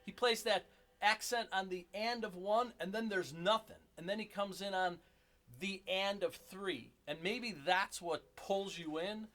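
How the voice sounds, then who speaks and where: A man's voice: high voice, measured pace, sharp tone. A man giving a casual drum lesson in his basement drum room, chatty and enthusiastic, joking about himself. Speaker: drum teacher.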